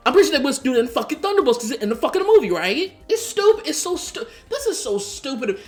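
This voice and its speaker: A vlogger giving ranting commentary, exasperated and profane, firing off rhetorical questions. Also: medium pitch. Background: faint background music.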